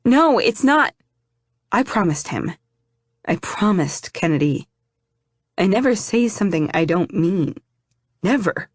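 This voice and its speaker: A woman's voice: medium pitch, lively intonation, a little slow, long pauses, no room sound. Woman playing young grieving heroine, pleading, emotional, dry close read. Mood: distressed.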